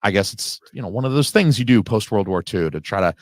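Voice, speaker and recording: A man with a fairly low voice talks through a movie commentary in a loose, rambling way, picking apart scenes and now and then letting a swear slip. The sound is dry and close, with no room around it. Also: animated, fast, dry recording. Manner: rambling, analytical, with an occasional swear. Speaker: film commentary host. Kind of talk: casual film audio commentary.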